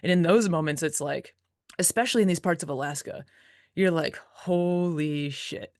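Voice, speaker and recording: Relaxed, chatty woman dog musher. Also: sits low, a little fast, no echo, studio quality. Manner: relaxed, frequent "like" fillers, laughs easily. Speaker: dog musher, interview guest. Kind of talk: casual storytelling interview.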